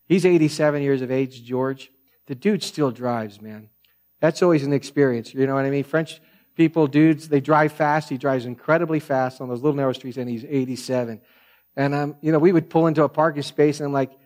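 A man's voice: fairly high pitch, darkish tone. Casual, slangy man preaching a sermon. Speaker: pastor.

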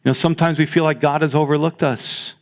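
An earnest male pastor preaching from the pulpit, leaning into each line of scripture. His voice sits a touch on the high side and presses the listener to take heart. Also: fairly even intonation, quick pace. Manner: earnest, exhorting, reads scripture aloud. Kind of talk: sermon.

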